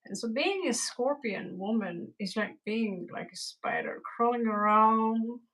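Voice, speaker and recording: A woman's voice: on the high side, a little slow, a bit bright, poor audio. A woman doing a casual, rambling live-stream tarot reading, chatting with viewers and greeting them in Spanish. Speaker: tarot reader.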